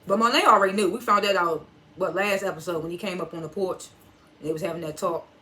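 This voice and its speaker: Quick and sharp-toned at a medium pitch, a TV reviewer speaks AAVE while casually recapping an episode. He retells each scene line by line, reacts and chuckles at the twists, and introduces characters' lines with "he was like."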